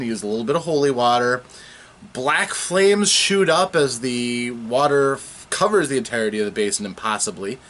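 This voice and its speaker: A man casually recapping a tabletop game session, telling it with animated, halting restarts. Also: mid-range voice.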